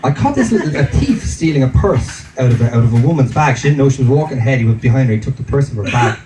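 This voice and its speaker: A man telling a stand-up story on stage in a self-mocking, animated way. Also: mid-range voice, very fast, noisy background. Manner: self-mocking, animated, laughing through lines. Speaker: stand-up comedian. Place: comedy venue stage. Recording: echoey stage from far off with loud audience.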